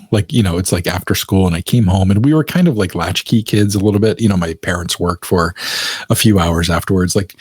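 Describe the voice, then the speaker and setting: Man, podcast guest, casual storytelling, husky voice, dry close sound. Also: sits low, a little mellow, no echo. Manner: loose and chatty, with lots of fillers and frequent laughs.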